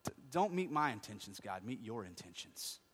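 A man preaching a sermon, asking his congregation questions and answering them himself, moving between quiet asides and loud, impassioned stretches. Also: lowish voice, very animated, moderate pace, slightly rough. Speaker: pastor. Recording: long reverb of a large hall.

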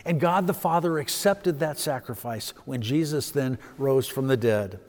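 A man preaching a sermon as pastor, telling a story and swelling with emphasis before dropping soft. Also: mid-range voice, unhurried, in a large hall.

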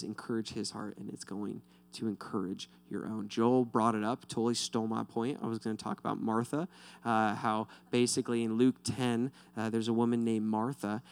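A man's voice: mid-range voice, clear, resonant tone. A man pastor giving a casual, conversational sermon, talking straight to his listeners and often checking in with "right?". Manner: talks directly to listeners, often asking "right?".

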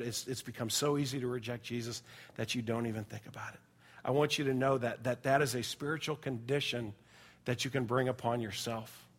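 A middle-aged male pastor delivering a sermon in a bright, forward voice that sits a little high for a man. He preaches earnestly, often restarting his sentences, and sinks to a hush when the point turns grave. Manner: earnest storytelling, frequent repeated starts, drops to a hush for grave points.

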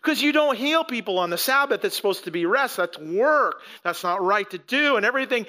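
High, bright-voiced male pastor preaching. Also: brisk, hardly any pauses. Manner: animated storytelling, acting out quoted voices. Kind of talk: conversational sermon.

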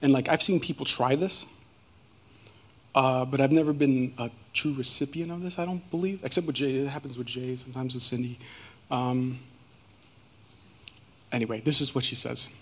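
A man giving a personal testimony as a guest speaker, earnest and halting, with many fillers and restarts. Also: mid-range voice, fairly even intonation, bright, forceful tone.

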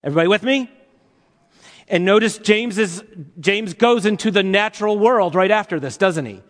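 High-voiced preacher in a reverberant hall. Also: male voice, normal speed. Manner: animated, playful, rhetorical questions to the congregation. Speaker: pastor. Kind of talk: sermon.

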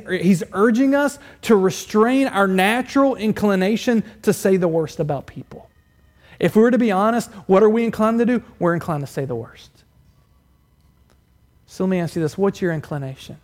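A man preaching a sermon in a church, firing rhetorical questions at the congregation, swinging between loud, raised emphasis and quiet, low appeals. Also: animated, moderate pace. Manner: asks the congregation many direct rhetorical questions; rises loud and high for emphasis, drops quiet and low to press a point. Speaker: pastor.

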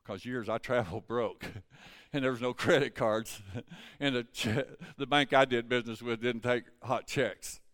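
An older male pastor tells a story from the pulpit in a folksy, conversational way. His voice is smooth and resonant, sitting at an ordinary middle pitch for a man. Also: fairly even intonation, moderate pace, a bit bright. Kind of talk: storytelling sermon.

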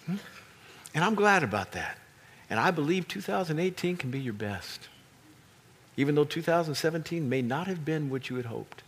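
A man preaching a sermon as pastor, animated and emphatic, with playful asides to his congregation. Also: a little high, normal speed, husky.

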